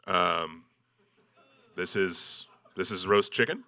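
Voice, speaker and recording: A man with a deep voice and a bright, forceful edge tells an expedition story over slides. His delivery is loose and humorous, and he pokes fun at himself. Frequent ums and likes fill his speech. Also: slow. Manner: joking, self-deprecating, with many ums and likes. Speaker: speaker presenting an expedition slideshow. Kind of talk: casual storytelling talk with slides.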